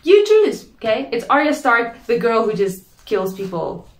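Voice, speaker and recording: A woman's voice: a little high, big pitch swings, a little slow. A woman hosting a casual chat, talking in a playful, chatty way and often checking in with "okay?". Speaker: host. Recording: echoey room.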